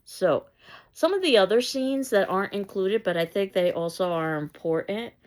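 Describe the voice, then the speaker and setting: A woman's voice: mid-range voice, expressive, normal speed. A woman teacher giving a conversational literature lecture, retelling scenes with a wry, casual delivery.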